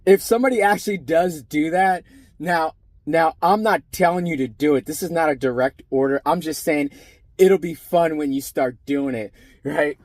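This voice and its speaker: Middle-aged ex prison sergeant guy rambling and cussing, kinda high voice, dry close sound. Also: moderate pace, darkish tone, dry recording. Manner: rambling, profane, blunt. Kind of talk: casual profane rant to camera.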